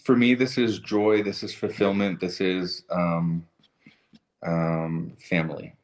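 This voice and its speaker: Man co-host, very low voice, casual chat, hesitant with fillers. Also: flat delivery, takes it slowly. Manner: agreeable, hesitant, many fillers. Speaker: tarot co-host.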